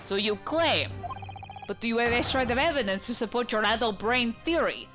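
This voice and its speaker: A woman's voice: on the high side, moderate pace, natural voice. A woman voicing a scornful, haughty male prosecutor in a courtroom video game. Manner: sneering, haughty. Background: game music.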